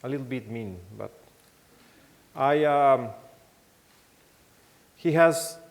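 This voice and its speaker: A man with a Mexican accent giving a keynote talk, telling anecdotes in a halting way with many restarts and acting out the voices he quotes. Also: medium pitch, vocal fry. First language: Spanish. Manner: animated storytelling, acts out quoted voices. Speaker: keynote speaker. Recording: long hall reverb.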